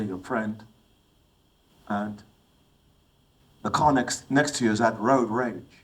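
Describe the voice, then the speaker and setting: A middle-aged man from England speaks to a room of young people, moving from one personal story to the next. His voice sits at an ordinary mid pitch, and he keeps turning to his listeners with questions. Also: rough recording. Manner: storytelling, asks the audience questions. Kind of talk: motivational talk with personal stories.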